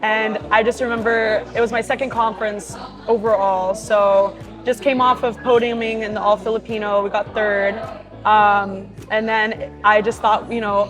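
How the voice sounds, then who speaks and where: A young woman from Hawaii who plays volleyball professionally reads fan questions aloud and answers them in a chatty, upbeat way, leaning heavily on "like" and "you know." Her mid-range voice is flat and moderately paced, and the rough recording has background music.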